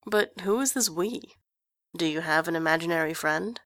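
A woman voicing a sardonic, self-deprecating young man with a dry, wry, quiet delivery. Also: lowish voice, moderate pace, dry recording, lightly acted.

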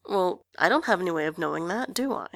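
A woman's voice: on the low side, animated, fast talker, vocal fry, no echo. Woman voicing Grantaire, dry sardonic young man. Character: sardonic young man, self-deprecating joker.

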